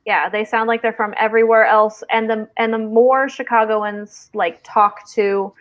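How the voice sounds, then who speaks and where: A woman's voice: a little high, flat delivery, moderate pace, muffled recording. A woman from the American Midwest hosting a casual livestream chat, chatty and reading viewer comments aloud. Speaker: livestream host.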